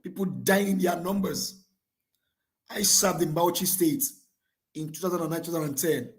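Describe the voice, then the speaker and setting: A man's voice: fairly high pitch, moderate pace. A man in his thirties with a Nigerian accent, calling in with fervent, repetitive political commentary. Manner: fervent, repetitive, rising to shouts. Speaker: caller.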